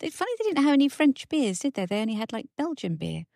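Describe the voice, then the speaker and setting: A woman's voice: sits high, big pitch swings, vocal fry, darkish tone, no echo, studio quality. A woman, co-hosting a casual chat in a chatty, teasing way. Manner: chatty, teasing, quick to laugh. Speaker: podcast co-host.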